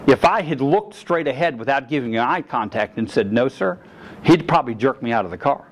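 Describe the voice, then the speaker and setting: A middle-aged firearms instructor gives a seminar lecture, telling stories from his own experience and acting out both sides of each conversation. His mid-range voice is animated and a little fast. The low-quality recording carries some hiss or hum.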